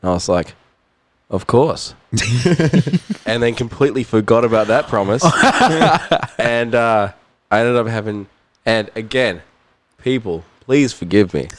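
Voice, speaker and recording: A man's voice: medium pitch, slow, long pauses. Laughing kiwi guy telling a story. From New Zealand. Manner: animated, laughing, swears often. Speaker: podcast guest, musician. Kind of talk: casual storytelling chat.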